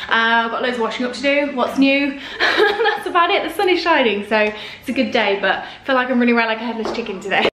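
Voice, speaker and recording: A woman's voice: a little high, fast talker, hardly any pauses, noisy background. A young British woman, a lifestyle vlogger, chatting to camera in a bubbly, gushing way with plenty of fillers. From United Kingdom.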